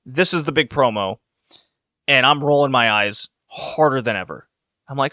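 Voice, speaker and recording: Bright-voiced man recapping with gusto. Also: medium pitch, normal speed, no room sound, clean studio sound. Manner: animated storytelling, laughing, voices rising when excited. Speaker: podcast co-host. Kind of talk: casual podcast recap.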